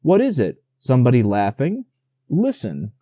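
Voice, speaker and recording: A man reading aloud, voicing an eager, kind young boy who gets excited easily. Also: mid-range voice, no room sound, clean studio sound. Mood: curious. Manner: excited, quick to act.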